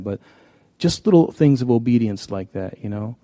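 A man's voice: fairly low pitch, fairly quick, hardly any pauses, dark tone, no echo. A man preaching a conversational sermon, telling stories in a folksy way with frequent restarts. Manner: folksy, storytelling, many restarts. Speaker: pastor.

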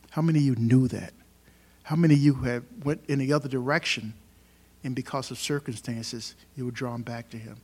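A man preaches to a congregation in an easy, talking-to-you way. His medium-pitched voice climbs sharply when he stresses a word and settles back down between points. He keeps asking his listeners questions. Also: darkish tone. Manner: conversational preaching with rhetorical questions and emphatic rises. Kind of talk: sermon. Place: church service.

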